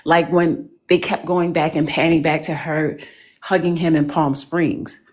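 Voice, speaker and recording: A woman talking as a panelist in casual chat, animated and emphatic, full of slang. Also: deep voice, a little slow.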